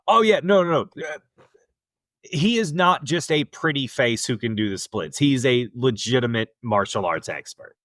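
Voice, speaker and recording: A man co-hosting a movie podcast in casual chat, playful and quick to laugh. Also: mid-range voice, lively intonation, a bit bright, dry recording, studio quality. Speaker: podcast co-host.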